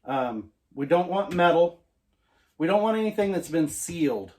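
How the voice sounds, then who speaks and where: A middle-aged man with a slightly higher voice walks through a recipe in his home kitchen. He talks casually and folksily, teasing himself as he goes. It sounds like a relaxed cooking lesson at home. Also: moderate pace. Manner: joking, folksy, self-mocking. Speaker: homestead cooking host.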